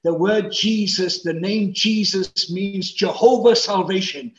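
Preacher guy w a high voice, slow and emphatic, big swings loud to hushed, roomy church echo. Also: steady tone, dull audio. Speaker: pastor. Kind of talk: sermon.

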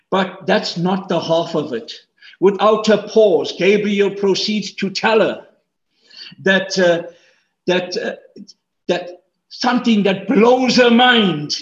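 A man preaching a sermon as pastor, swinging between loud emphatic peaks and hushed asides. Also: high voice, animated, slow pace, long pauses, roomy sound, dull audio.

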